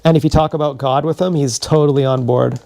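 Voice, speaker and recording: A man livestreams a long, wandering personal story. His voice is mellow and low in brightness, with a steady gravelly fry. He swears freely and keeps backing up to restart his sentences. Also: quick pace. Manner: meandering, profane, frequent restarts. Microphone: streaming from a body camera.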